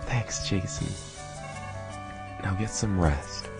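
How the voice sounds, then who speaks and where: Man doing a soft, hopeless young woman. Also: sits low, takes it slowly, pitched above the performer's own voice. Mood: despairing. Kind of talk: reading game dialogue aloud. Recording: faint game music behind.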